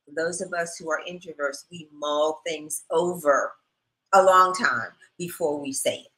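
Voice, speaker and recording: Reflective woman co-host, low bright voice. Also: low-quality recording. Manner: measured, reflective, asks guiding questions. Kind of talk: relationship talk show conversation.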